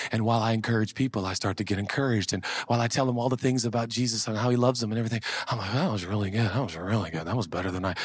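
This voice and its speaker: A man preaching a sermon as pastor, swinging between loud impassioned calls and quiet conversational asides. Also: on the low side, slightly rough, dry recording, long reverb tail.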